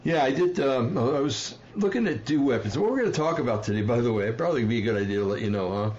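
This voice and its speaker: A man's voice: mid-range voice, animated, fast talker, a little mellow, lo-fi sound. Heated rambling man on a livestream. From New Jersey. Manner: rambling and heated, with frequent fillers and apologies. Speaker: livestream host. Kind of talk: casual livestream commentary.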